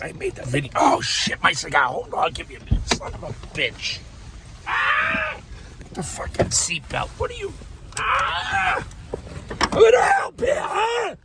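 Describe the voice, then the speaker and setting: An older man rambles from topic to topic, swearing freely and chuckling to himself. His voice is gravelly and swings widely up and down. It is recorded in a car, with loud noise behind him. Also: fairly high pitch. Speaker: vlogger. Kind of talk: rambling casual monologue.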